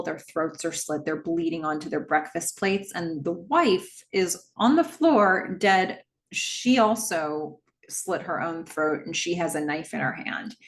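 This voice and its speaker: A young adult woman casually recapping a horror movie plot, slowing down for the dramatic beats. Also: fairly low pitch. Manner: expressive storyteller, slows for dramatic moments.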